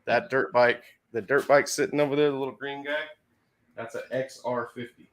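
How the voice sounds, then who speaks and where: A man's voice: medium pitch, steady tone, moderate pace. An older man hosting a casual live stream from his garage workshop, talking in a laid-back, rambling way.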